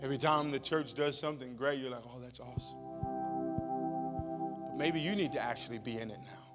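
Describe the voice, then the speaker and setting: A man's voice: mid-range voice, quick pace. A man preaching a sermon as pastor, with rhythmic, repetitive phrasing that builds in emphasis. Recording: long hall reverb with music behind.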